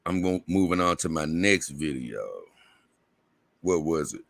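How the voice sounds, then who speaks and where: A man's voice: extremely low pitch, animated, measured pace, vocal fry, fairly bright tone, dry recording. A man with a Southern US accent hosting a casual livestream, reading viewer comments in a rambling way, repeating words and laughing often. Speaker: livestream host.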